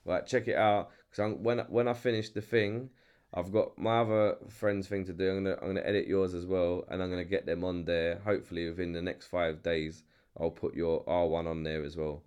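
A young man with a London accent hosts an easygoing chat in a deep, low voice. He restarts his sentences and repeats himself as he goes, and swears casually. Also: flat delivery, fairly quick, darkish tone, clear, resonant tone. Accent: London English. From England. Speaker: podcast host.

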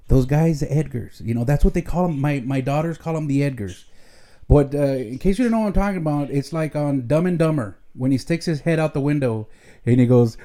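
Speaking fairly quickly in a mellow, mid-range voice, this middle-aged man hosts a podcast from home. It's loose, joking chatter that drifts around, with Spanish slang mixed in.

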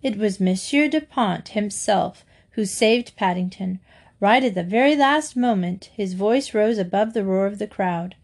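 A woman reading a children's storybook aloud in a gentle, steady storytelling manner. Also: mid-range voice, unhurried. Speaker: storybook reader.

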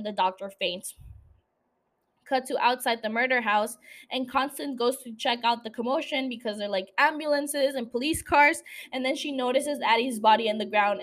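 A young woman hosts her own podcast and recaps a TV episode in loose, conversational storytelling. She swears freely and drops teasing asides to her listeners. Her voice sits a little high. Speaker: podcast host.

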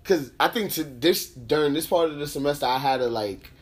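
A young man with a slightly higher voice telling a long story to his friends. He talks in heavy slang with plenty of swearing and jumps into the voices of the people in his story. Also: fairly quick. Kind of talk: casual chat.

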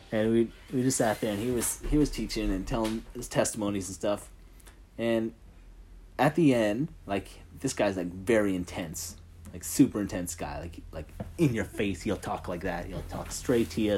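A man leading a casual Bible study, telling stories in an animated way and filling his talk with "like" and "right?". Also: lowish voice, slight background noise. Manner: animated storyteller, heavy on fillers like "like" and "right?". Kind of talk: casual faith chat.

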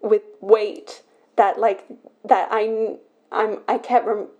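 A young woman on her own podcast, talking through something personal in an emotional, halting way, full of restarts. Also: medium pitch, little pitch movement, darkish tone, muffled recording. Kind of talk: personal confessional talk.

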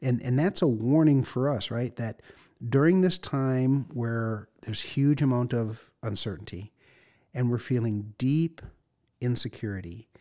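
Earnest pastor man with a mellow voice. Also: medium pitch, unhurried. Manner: earnest, repeats words while thinking. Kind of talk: sermon-style Bible teaching.

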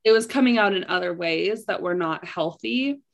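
Chatty woman with a gravelly fry. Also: on the low side, normal speed. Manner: candid, filler-heavy, chatty. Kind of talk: casual chat.

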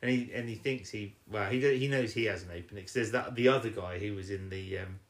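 A man's voice: lowish voice, brisk, reverberant. A man co-hosting a podcast, recapping an episode in casual, rambling chat with teasing jokes.

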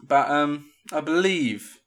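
A man hosting a film podcast in casual chat, often pausing with fillers. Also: fairly high pitch, lively intonation, a bit bright. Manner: hesitant, lots of fillers. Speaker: podcast host.

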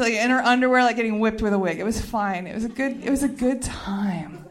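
A woman's voice: a little high, brisk. Rambling woman telling a stage story. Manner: rambling, chatty, laughs mid-story. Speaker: stand-up comedian. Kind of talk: stand-up storytelling. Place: stage before a live audience.

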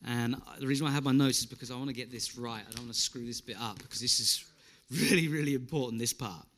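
A middle-aged man preaching a sermon, animated, asking the listeners questions and slipping in jokes. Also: mid-range voice, fast. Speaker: pastor.

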